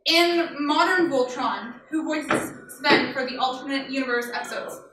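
High-voiced giggly woman in echoey hall. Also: normal speed. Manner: giggly, chatty, hedging with fillers. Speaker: cosplay panelist running Q&A. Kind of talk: casual convention panel chat. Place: convention panel room. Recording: echoey hall, far from mic, noisy.

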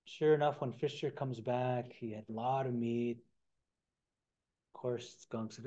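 A man retelling a traditional story in a relaxed, conversational way during a talk, on a dull lo-fi recording. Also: medium pitch, unhurried, pauses often. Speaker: storyteller and science lecturer.

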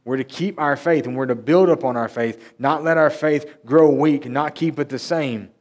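A man's voice: a little high, moderate pace. A man preaching at a church service. He talks in an earnest, conversational way and lifts his voice when he reads scripture aloud. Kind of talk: sermon with Bible reading.

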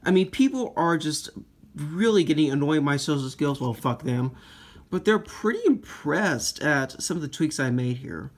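A man giving casual commentary while demoing phone hacks, rambling and profane, quick to blow up into shouting. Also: fairly high pitch, animated. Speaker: iPhone jailbreak tinkerer. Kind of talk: casual screen demo commentary.

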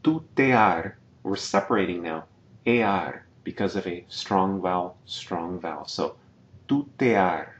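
A man teaching a slide-based video lesson, patiently explaining and repeating each example word slowly. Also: deep voice, fairly even intonation, muffled recording. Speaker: Spanish teacher.

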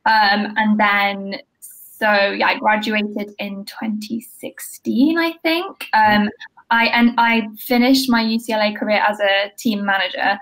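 A woman's voice: medium pitch, fairly even intonation, a little slow, a bit bright, low-quality recording. Giggly young woman, podcast guest. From Britain. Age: young adult. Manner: giggly, hesitant, many fillers. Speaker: guest, former gymnast. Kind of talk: casual podcast interview.

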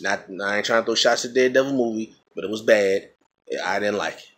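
A man's voice: lowish voice, fairly quick, a bit bright. A man casually ranting to camera about a movie, rambling and repeating himself as he restarts his sentences. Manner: rambling, with many restarts and repetitions; emphatic and indignant. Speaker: vlogger reviewing a movie.

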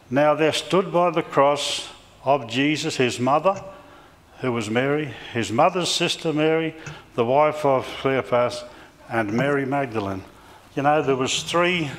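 An older Australian man, a cattle farmer and lay preacher, giving a sermon with rambling, homespun stories and frequent self-corrections. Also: medium pitch. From Central Queensland, Australia. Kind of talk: sermon with folksy personal stories. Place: church. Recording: church reverb, faint background noise.

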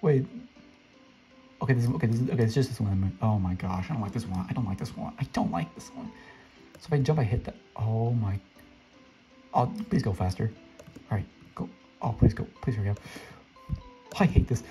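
Very low-voiced excitable woman gamer. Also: a little fast, pauses often, soft background music. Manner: excitable, talks to other players, squeals high when jumping. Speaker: gaming channel host. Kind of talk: casual gameplay commentary.

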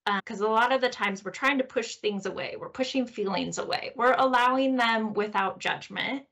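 A woman hosting a podcast, teaching a course session in a gentle, explaining way with frequent tag questions. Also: on the high side, normal speed. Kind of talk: teaching a recorded course talk.

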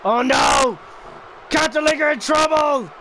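A man giving excited play-by-play commentary on a wrestling video game match, often shouting and exclaiming. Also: very high voice, unhurried. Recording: noticeable background noise.

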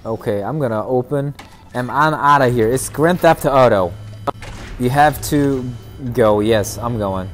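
Faint music sits behind a man whose medium-pitched voice moves a little slowly. He's streaming a shooter game, making casual gameplay commentary for his viewers and playfully trash talking the other players.

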